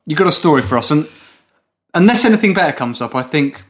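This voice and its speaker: A man's voice: on the high side, expressive, fast, background noise. A man co-hosting a comedy podcast, teasing his co-host and reacting in disbelief to the stories. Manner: teasing, incredulous, playful. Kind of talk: casual comedic chat.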